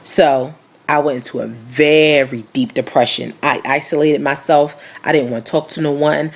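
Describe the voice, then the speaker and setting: Speaking at a moderate pace in a low voice with vocal fry, this twenty-something woman gives a frank, lively testimony. Her casual, slang-heavy talk is full of fillers, and she performs the quoted dialogue in her story.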